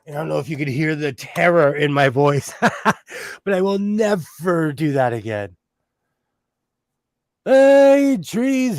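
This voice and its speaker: Male livestream host, casual and chatty, fairly high voice, dry sound, quick to laugh. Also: no room sound. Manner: chatty, laughs often, greets viewers warmly.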